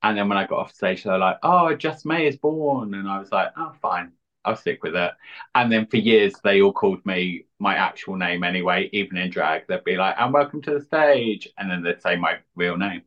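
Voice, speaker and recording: A man, a drag queen chatting as an interview guest, cheeky and deadpan. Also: sits low, normal speed. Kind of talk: casual interview chat. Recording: dull lo-fi audio.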